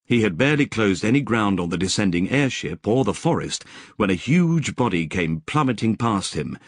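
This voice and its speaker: A man narrating an audiobook in scripted, expressive storytelling with vivid description. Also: on the low side, moderate pace, husky, no room sound, studio quality.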